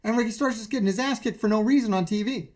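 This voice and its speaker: Profane, excitable man ranting about wrestling. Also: high voice, quick pace. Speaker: streamer.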